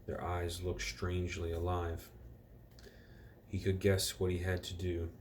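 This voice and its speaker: A man reading a storybook aloud to children in a relaxed way, stopping now and then to correct himself and reread. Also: deep voice, unhurried, a little hiss or hum.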